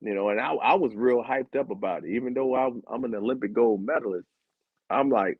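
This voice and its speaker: The US sprinter-turned-comedian talks fairly quick in a husky mid-range voice, laughing and acting out exchanges as he tells comic stories. It's an animated delivery in a dull, dry recording.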